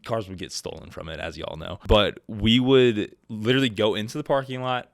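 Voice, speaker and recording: A podcast host with a fairly low, gravelly voice talks a little fast, telling lively stories casually, laughing often and mimicking the people he quotes. The studio-quality recording has no echo.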